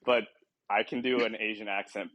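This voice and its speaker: Low-ish guy rambling on a podcast, lots of ums and little laughs, kinda sleepy. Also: fairly even intonation, moderate pace, dull audio, crowd noise. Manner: rambling, laughs often, many ums and restarts. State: short on sleep. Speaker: podcast host. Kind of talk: casual chat.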